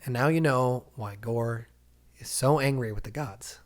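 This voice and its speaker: A young man co-hosting a casual podcast, retelling a comic story with lots of acted-out lines and sudden shouts. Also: mid-range voice, unhurried. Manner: animated storyteller, acts out characters' lines. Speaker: podcast co-host. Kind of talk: casual comic-book recap chat.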